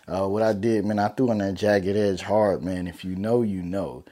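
A man's voice: low-pitched, steady tone, moderate pace, few pauses, dark tone. A young man talking casually and earnestly to his viewers, loose and slangy, leaning on "man" and "you know.". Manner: loose, heartfelt, slangy, many fillers like "man". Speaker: vlogger. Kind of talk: casual motivational talk to camera.

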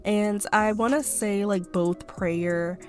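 A woman's voice: mid-range voice, fairly even intonation, slow pace, darkish tone, faint music behind. A young woman hosting her own podcast, rambling casually with lots of fillers while still a bit stuffy-nosed from a cold. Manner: rambling, chatty, many fillers like "um" and "like". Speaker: podcast host. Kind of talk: casual personal podcast monologue.

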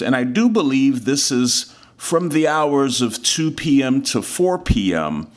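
Slow-talking man radio host. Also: medium pitch. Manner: relaxed, reads event listings. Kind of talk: casual radio announcing.

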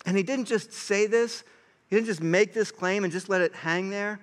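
High-voiced earnest young male preacher. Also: normal speed. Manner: earnest and animated, acting out quoted lines. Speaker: pastor. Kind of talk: sermon.

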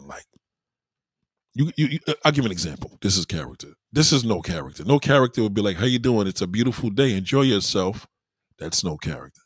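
A man with a lowish, slightly rough voice delivers dating advice in a casual, profane monologue loaded with street slang. He keeps checking in by asking "you know what I mean." The studio sound is clean with no echo.

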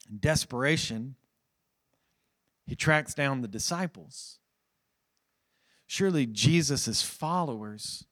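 In a mid-range male voice, a pastor preaches at a church service, shifting from a quiet prayer into raised, pleading emphasis. He repeats phrases to press his points.

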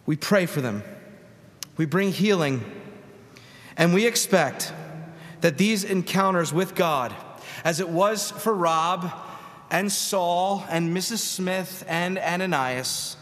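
A man's voice: high-pitched, takes it slowly, long pauses, a bit bright. A man preaching a sermon as pastor, in a conversational style with rhetorical questions to the congregation. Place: large church sanctuary. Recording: long reverb of a church hall.

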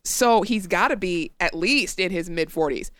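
A woman co-hosting a podcast in casual chat, sarcastic and quick to laugh. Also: fairly low pitch, no room sound, clean studio sound. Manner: animated, laughs often, sarcastic. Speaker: podcast co-host.

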